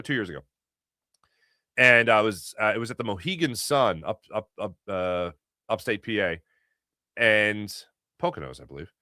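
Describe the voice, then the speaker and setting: A middle-aged man from Philadelphia hosting a casual sports talk show, telling animated stories and acting out voices. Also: mid-range voice, dry recording, clean studio sound. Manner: animated storytelling, acts out voices.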